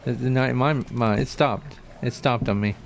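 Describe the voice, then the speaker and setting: A man's voice: medium pitch, fairly even intonation, a little slow, gravelly, slight background noise. A man streaming a game live, chatting casually and greeting viewers by name on a desk mic. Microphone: desk mic, no headset.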